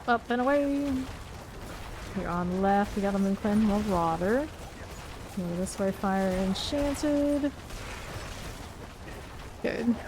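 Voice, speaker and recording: Over background noise, a woman with a medium-pitched voice talks casually while streaming a game. She's chatty, reads viewer messages out loud, and laughs a lot.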